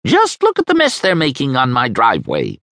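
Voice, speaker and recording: A man's voice: mid-range voice, wildly swooping pitch, fairly quick, a bit bright, no echo, pitched above the performer's own voice. Male narrator as indignant, shrieking older neighbor woman in an audiobook; dry studio.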